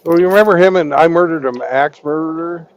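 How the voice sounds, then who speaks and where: A man chatting casually on a podcast, halting and restarting as he recalls things. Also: a little high, no echo, rough recording. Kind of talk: casual banter.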